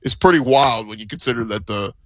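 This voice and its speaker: A man's voice: medium pitch, a little fast, fairly bright tone, no echo, clean studio sound. A man co-hosting a morning sports talk radio show, speaking in a casual, wry, joking way.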